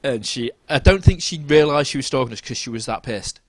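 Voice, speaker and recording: Animated man telling a pub story. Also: brisk, dry recording. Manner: animated, jumps into high-pitched quoted voices. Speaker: podcast co-host. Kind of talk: casual chat, storytelling.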